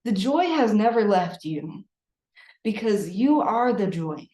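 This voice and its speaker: This woman is an energy healer taking a client through a spiritual session, and she keeps it playful, breathy and full of laughter. Her warm, medium-pitched voice swings widely in pitch as she takes her time, with a roomy echo around her.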